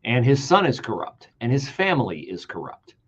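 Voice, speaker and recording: A male commentator with a very lively, swooping pitch who drives his points home with repetition and sarcasm. He jumps from loud outbursts to hushed, mocking asides. The stream audio sounds a little dull. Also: normal speed. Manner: emphatic, sarcastic, repeats key words for stress; swings between loud outbursts and mocking whispers. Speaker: political commentary host. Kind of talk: solo political commentary stream.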